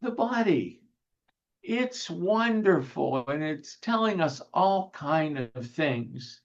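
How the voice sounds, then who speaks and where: A man, a minister, giving a sermon in a gentle, unhurried way, guiding the listeners through breathing and telling light humorous anecdotes. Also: fairly high pitch, very animated. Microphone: video call. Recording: dull lo-fi video call audio.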